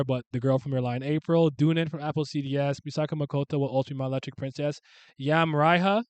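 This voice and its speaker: A young man casually rambling through a ranked list of characters, swearing freely and breaking into sudden loud shouts. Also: fairly high pitch, fairly even intonation, quick pace, clear, resonant tone, no echo. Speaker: streamer ranking favorite comic and anime characters. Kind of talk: casual unscripted commentary.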